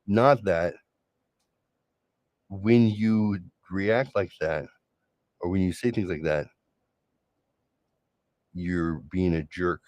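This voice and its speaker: A deep-voiced man talks straight into the mic in a dry, dead room, spinning a loose personal story. His delivery is sarcastic and conversational, full of restarts and asides. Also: steady tone, extremely slow, long pauses, a little mellow, no echo. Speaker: solo show host. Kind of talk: casual monologue.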